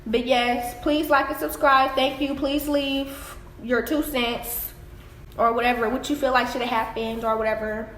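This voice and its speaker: A woman's voice: sits high, measured pace, slight background noise. Young woman vlogger, blunt and profane, phone recording in an echoey room. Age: young adult. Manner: blunt, profane, animated retelling. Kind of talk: casual storytelling vlog.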